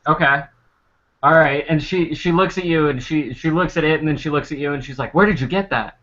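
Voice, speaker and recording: A man's voice: fairly high pitch, steady tone, brisk, pushed and bright. A man narrating a tabletop game as dungeon master, rambling with many fillers. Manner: rambling, full of ums and you-knows. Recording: dull lo-fi sound.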